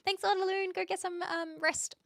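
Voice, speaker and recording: Bright-voiced woman streamer. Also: very high-pitched, level tone, moderate pace, creaky, dry recording, clean studio sound. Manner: chatty, self-correcting, talks through restarts. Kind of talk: casual chat, reading out viewer comments.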